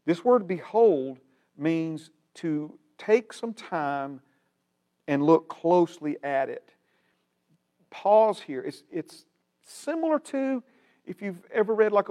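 A man's voice: on the high side, expressive, mellow. Southern man teaching a Bible class. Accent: Southern American. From Alabama, United States. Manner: folksy, repeats key phrases slowly for emphasis.

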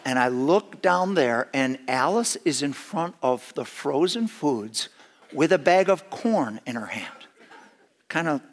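Middle-aged man, somewhat high voice, animated storyteller, swings loud and soft, restarts phrases. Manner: animated, with big swings in pitch and loudness; repeats and restarts phrases as he talks. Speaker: speaker telling a story to a gathered audience. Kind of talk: storytelling talk with humor.

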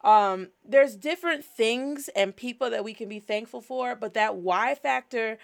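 A woman's voice: fairly high pitch, a little slow, gravelly. A woman hosting a language lesson in a casual, upbeat teaching style, moving between English and Spanish. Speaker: host.

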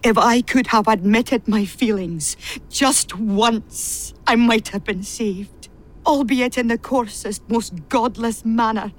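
Speaking slowly in a slightly high voice, an actress performs a radio play role: a repressed, bitter woman who has served one family since she was a child. The scene is her venomous confession pouring out.

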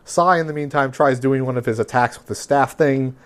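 A man's voice: medium pitch, fairly quick. A man casually recapping an anime episode on a podcast, rambling with lots of fillers. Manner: rambling, filler-heavy summarizing.

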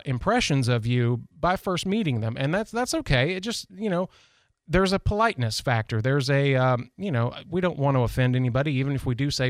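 A Tennessee man with a Southern accent hosts a radio show, telling stories in a loose, rambling monologue full of restarts and "you know." His mid-range voice is recorded with no echo.

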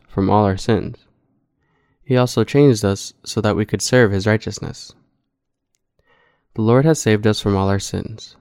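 Male preacher, low and resonant, dry close sound, steady rhetorical delivery. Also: clean tone, dry recording. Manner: measured, rhetorical questions answered himself. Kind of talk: scripted sermon reading.

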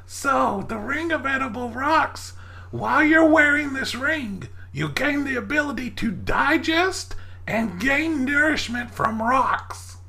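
Fields: Figure: cheery pushy shopkeeper, played by a woman. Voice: high, lively. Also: takes it slowly, vocal fry, heavily acted. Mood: sly, salesy. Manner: salesy, playful, teasing. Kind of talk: tabletop role-play voicing.

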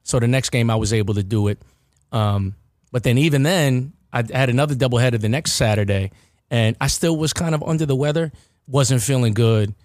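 A man's voice: mid-range voice, fairly quick, darkish tone, no room sound, studio quality. A man hosting a casual podcast chat, rambling with restarts and repeated words. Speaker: podcast host.

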